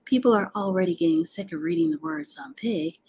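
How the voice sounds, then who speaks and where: A woman voicing a calm, clever female spider in an audiobook, speaking in a measured, gently bossy way. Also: on the low side, breathy edge. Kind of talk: audiobook character reading.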